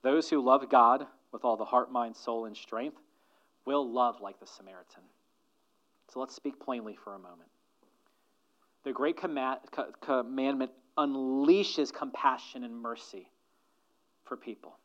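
A man preaching a sermon as pastor, swinging from loud emphatic lines to hushed near-whispers and slowing down to stress key phrases. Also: medium pitch. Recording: dull, muffled sermon recording.

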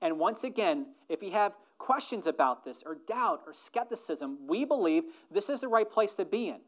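A man's voice: sits high, sing-song, moderate pace, muffled recording. A man preaching a sermon to his congregation, earnest and full of rhetorical questions. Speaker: pastor.

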